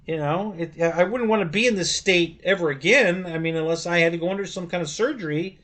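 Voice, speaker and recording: Middle-aged male stream host, slightly high pitch, halting and rambling, chuckles often. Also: fairly bright tone. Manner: rambling, halting storyteller with many restarts; laughs easily while telling stories. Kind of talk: casual live-stream chat.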